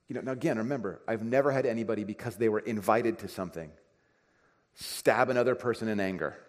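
A pastor preaching a conversational sermon, acting out everyday dialogue. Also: male voice, lowish voice, expressive, fast talker, a little mellow. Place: church sanctuary. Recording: reverberant church hall.

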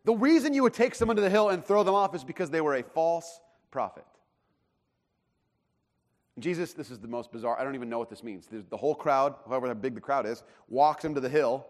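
A man preaching a sermon in a conversational, animated way, acting out the voices of the people in the story. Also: mid-range voice, brisk. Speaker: pastor.

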